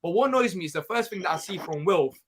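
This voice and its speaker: A man's voice: sits high, animated, quick pace, heavy background noise. A man co-hosting a live fan stream, speaking emotionally and earnestly, often repeating himself. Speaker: co-host. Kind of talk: live fan reaction chat.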